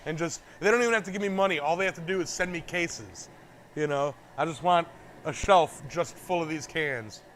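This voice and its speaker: A blacksmith streams live from his metal forge workshop, chatting casually while he works, easygoing and rambling with frequent chuckles. His voice is on the high side and a bit bright, at a moderate pace, with a slight hiss or hum in the audio.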